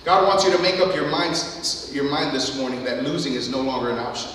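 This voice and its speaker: A man preaching a sermon as pastor, building fervently to loud climaxes, recorded from far off in a church hall. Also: mid-range voice, flat delivery, a little fast, a little hiss or hum. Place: church sanctuary.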